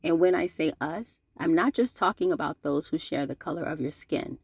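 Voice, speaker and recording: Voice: mid-range voice, moderate pace, husky, no room sound. A channel host reading a scripted open-letter commentary, sarcastic and scolding, with playful slang and direct address.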